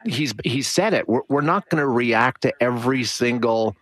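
A man speaking as a panelist in a political discussion, halting and exasperated, with frequent restarts. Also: mid-range voice, a bit bright. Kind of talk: casual political panel talk.

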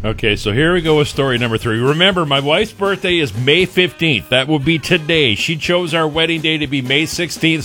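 A man hosting a morning radio show, telling a wry personal story in a casual, animated way. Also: fairly high pitch, a little fast, few pauses, soft background music.

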